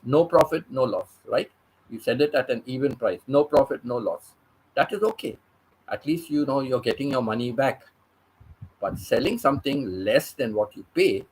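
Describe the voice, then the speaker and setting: A man's voice: mid-range voice, poor audio. Male vlogger, emphatic storyteller, faint hiss behind. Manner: emphatic, repeats phrases for stress. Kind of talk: casual storytelling vlog.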